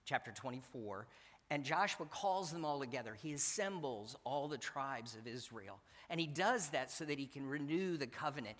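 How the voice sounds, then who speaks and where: A man's voice: on the high side, a bit bright. A man preaching a sermon in an earnest, emphatic way, repeating his key phrases. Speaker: pastor. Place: church sanctuary. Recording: church hall reverb.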